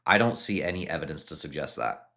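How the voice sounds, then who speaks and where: Very low-voiced man answering live chat. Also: very animated, fast talker, vocal fry, pushed and bright. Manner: reads chat questions aloud, answers with hesitant restarts. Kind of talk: casual live-stream chat.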